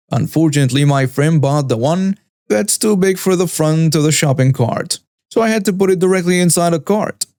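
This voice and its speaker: A man reading a first-person story aloud in a steady, scripted narration. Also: a little high, dry recording, clean studio sound.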